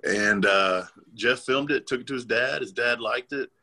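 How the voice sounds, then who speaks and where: A former wrestler guest recalling his early career in a relaxed, profane way. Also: mid-range voice, moderate pace, breathy edge. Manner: laid-back, swearing, chuckling. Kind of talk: casual storytelling.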